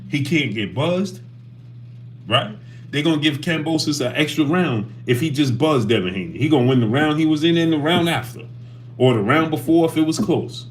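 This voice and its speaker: A man's voice: a little high, lively intonation, normal speed, a little hiss or hum. A man hosting a casual boxing livestream, talking animatedly and greeting chat viewers by name.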